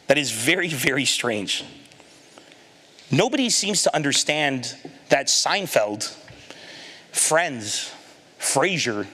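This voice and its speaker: Bright-voiced man telling a comic story. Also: a little high. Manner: animated, acts out the people in his anecdotes; laughs at his own lines. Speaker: comedian giving a talk. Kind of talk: storytelling stand-up talk.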